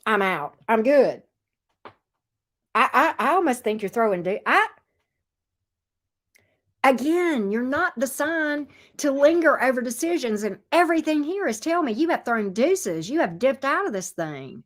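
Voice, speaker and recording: Chatty woman doing a tarot reading, voice a bit high, lots of ups and downs, teasing and repeating herself. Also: big pitch swings, unhurried. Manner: chatty, talks straight to the viewer, repeats phrases; playful teasing with exclamations. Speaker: tarot reader. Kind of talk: casual tarot reading addressed to viewers.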